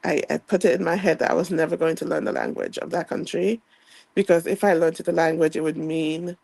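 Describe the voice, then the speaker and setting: A woman's voice: on the low side, gravelly, darkish tone, no room sound, rough recording. A woman telling a personal story from her childhood in a reflective way, acting out what was said back then. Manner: reflective, reenacts childhood dialogue.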